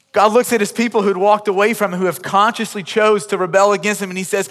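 Earnest pastor preaching in a reverberant hall. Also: male voice, high-pitched, steady tone, fast talker, few pauses, fairly bright tone. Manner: earnest, pleading, repeats words when building a point. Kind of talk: sermon. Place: large church auditorium. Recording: long hall reverb from the sanctuary.

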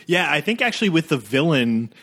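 A man's voice: on the high side, big pitch swings, a little fast, a bit bright. A man in casual chat about films, rambling, swearing freely and now and then mimicking lines from movies.

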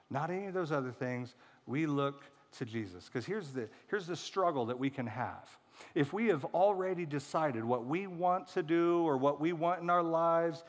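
A man's voice: on the high side, long reverb tail. A male pastor giving a casual, humorous sermon and acting out quoted voices. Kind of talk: conversational sermon.

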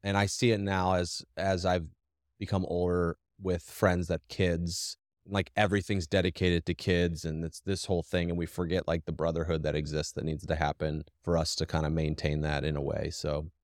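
A man's voice: low voice, level tone, moderate pace, dry recording, studio quality. A man co-hosting a podcast, talking casually and directly, rambling with frequent restarts. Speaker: podcast co-host. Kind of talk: casual conversation.

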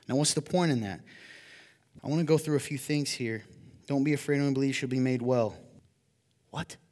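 A male pastor preaching a sermon, moving between hushed storytelling and loud, emphatic appeals to the congregation. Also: fairly high pitch, long reverb tail. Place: church hall.

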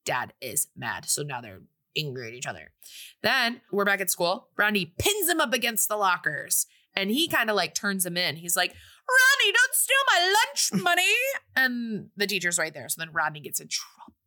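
Bright-voiced woman recapping a movie. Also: on the low side, normal speed. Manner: animated, breezy retelling with acted-out quotes. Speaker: podcast co-host recapping a film. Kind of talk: casual recap chat.

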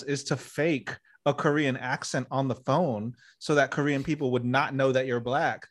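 A man in a casual discussion, speaking hesitantly, restarting and searching for words as he builds an earnest, careful argument. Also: medium pitch.

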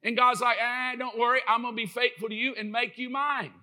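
Middle-aged male preacher, high bright voice, impassioned sermon delivery that rises to shouts. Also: brisk, few pauses. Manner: impassioned, often shouting to the congregation.

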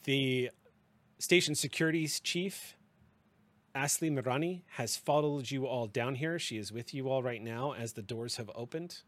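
A man, as game master, narrating a tabletop roleplaying game in a descriptive, unhurried way. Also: medium pitch, a bit bright, no room sound.

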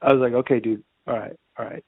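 A man's voice: mid-range voice, fairly even intonation, fast talker, breathy edge, dry recording. Man on a dry tinny line, casual. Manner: short backchannel replies, profane anecdote. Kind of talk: casual chat. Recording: dry tinny phone-like sound.

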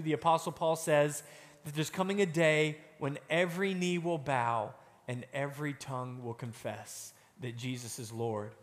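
A man giving a children's sermon, telling a story and acting out quotes with animated delivery. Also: fairly high pitch. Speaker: children's pastor. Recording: long hall reverb.

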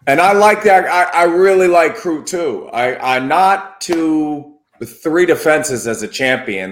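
A man co-hosting a casual sports chat, measured and analytical, citing records and stats. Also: medium pitch, a bit bright. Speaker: podcast co-host. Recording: roomy echo.

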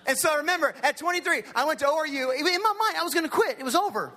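High bright-voiced preacher guy, animated storytelling sermon, big hall echo. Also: rapid-fire, few pauses. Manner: animated, impersonates characters in his stories. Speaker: pastor. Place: large hall with an audience. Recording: long hall reverb.

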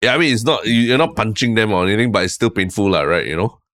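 A man with a deep, low voice and a Singaporean English accent, co-hosting a casual podcast chat. He tells stories in a relaxed, rambling way and drops "lah" often. The sound is close and dry. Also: quick pace, no room sound. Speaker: podcast co-host.

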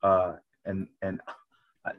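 A man's voice: low-pitched, completely flat delivery, slow pace, narrow, tinny audio. A man, a stand-up comedian, telling a casual story, rambling and swearing often. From Florida, USA.

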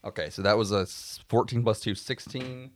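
A young man narrating as game master, animated and laughing often. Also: lowish voice, normal speed.

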